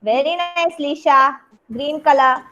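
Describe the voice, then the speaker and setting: High-voiced Indian teacher praising kids. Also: female voice, measured pace, pushed and bright, highs cut off. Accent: Indian English. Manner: encouraging, praising children by name. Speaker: kindergarten teacher. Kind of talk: online class instruction. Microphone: video call.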